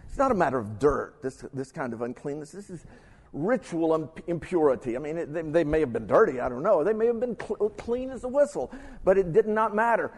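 A man's voice: on the high side, lively intonation, a little fast, a little mellow, husky. A man giving a sermon-style Bible lesson, reading scripture aloud and adding his own asides. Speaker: pastor or Bible teacher. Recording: long hall reverb.

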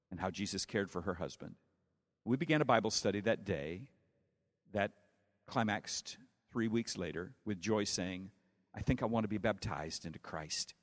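Bright-voiced man preaching in a hall. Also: medium pitch. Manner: dramatic storytelling, swings from hushed to loud. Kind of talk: storytelling sermon.

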